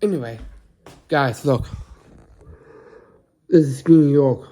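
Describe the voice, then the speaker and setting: A man's voice: medium pitch, slow pace, mellow. A man talking casually to camera as a vlogger, rambling and often restarting and correcting himself mid-sentence. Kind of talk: casual vlog chat to camera.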